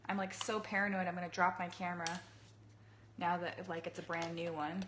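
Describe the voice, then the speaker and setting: A woman in her thirties, hoarse from a cold, chatting casually to viewers while she sets up her cake workshop on a phone livestream. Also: little pitch movement, fairly quick, background noise. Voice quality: husky, low. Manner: chatty, laughing, greets viewers by name. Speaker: cake artist hosting a livestream. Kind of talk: casual live-stream chat.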